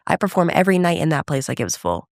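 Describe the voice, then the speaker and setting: A woman telling her story as a podcast guest, with a slightly gravelly edge in her voice. She brings the quoted dialogue to life as she goes. The sound is dry and close. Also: low voice, rapid-fire, no echo. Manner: animated storyteller who acts out quoted dialogue. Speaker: emcee and keynote speaker, guest.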